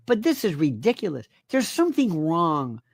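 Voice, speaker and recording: A woman's voice: fairly low pitch, sing-song, moderate pace, no room sound. A woman speaking on a casual live panel chat, exasperated and emphatic.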